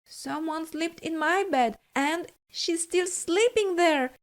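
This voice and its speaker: A woman's voice: fairly even intonation, slow. A woman voicing a small, whiny young male bear cub in a children's storybook. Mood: surprised. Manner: whining, shrill.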